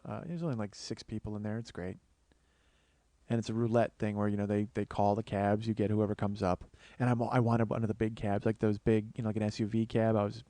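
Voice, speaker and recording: A man telling a long comic story on his show, swearing often, starting in low murmurs and building to excited, rising outbursts. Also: no room sound. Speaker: comedian and podcast host. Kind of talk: storytelling monologue.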